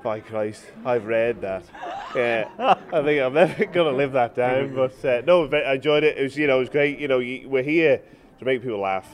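A man's voice: mid-range voice, a little fast. A man who performed in a comedy sketch, bantering and joking about it. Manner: jokey, rough, laughs a lot. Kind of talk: casual banter.

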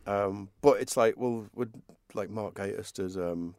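A man's voice: lowish voice, measured pace, darkish tone, no room sound. A young man co-hosting a casual podcast about films and TV, rambling with lots of ums and easy laughs.

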